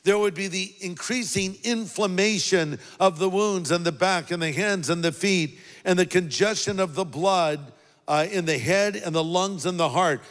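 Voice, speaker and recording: A man preaching a sermon as a pastor, earnest and deliberate, leaning on key words. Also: high voice, fairly bright tone, long reverb tail.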